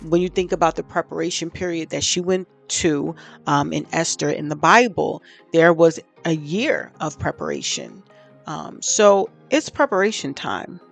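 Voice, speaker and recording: A woman talks straight to her viewers about relationships, her voice carrying a gravelly fry. She asks pointed rhetorical questions one after another, candid and a little preachy. Soft music plays faintly underneath. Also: sits low, animated, normal speed. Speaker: relationship advice vlogger. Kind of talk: direct-to-camera advice talk.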